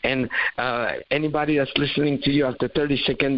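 Man, motivational coach, emphatic and preachy, mid-pitched, muffled lo-fi audio. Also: steady tone, quick pace. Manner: emphatic, preachy, acts out quoted voices. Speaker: pickup coach.

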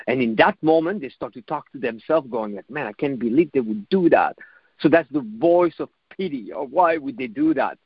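A man's voice: fairly high pitch, breathy edge, dry recording, muffled recording. A man giving a motivational self-help talk in a reflective coaching manner, repeating phrases and swearing now and then.

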